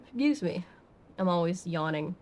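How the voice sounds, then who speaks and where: A woman with a slightly low voice talks casually on a livestream from her home setup. She rambles a little, filling pauses with "um" as she answers her chat. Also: animated, a little mellow. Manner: chatty and rambling, answering chat with many fillers. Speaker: streamer. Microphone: webcam setup.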